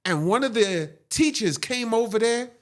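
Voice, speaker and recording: This interview guest is a man with a very high voice who tells his personal story at a moderate pace. The telling is dramatic and lively, studded with repeated "right?"s.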